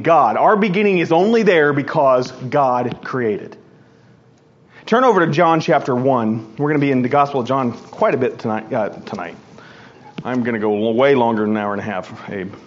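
A man's voice: on the high side, muffled recording. A man preaching a sermon in an earnest, emphatic way, often repeating and restarting words.

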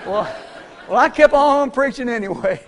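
A man's voice: very high voice, lively intonation, normal speed, fairly bright tone, a faint crowd. An older man preaching a sermon, telling folksy personal stories in a conversational way.

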